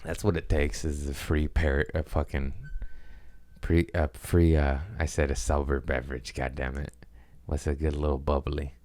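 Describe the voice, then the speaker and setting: A man hosting a podcast in a casual rambling monologue, profane and self-mocking, drifting between quick asides and mumbled lines. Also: rumbling low, flat delivery, a little mellow, no echo. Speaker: podcast host.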